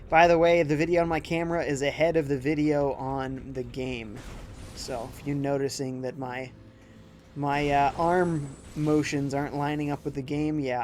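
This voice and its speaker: A man casually comments on the video game he's playing live, reading chat messages aloud in this let's-play stream. His voice is medium-pitched and darkish, with slight background noise.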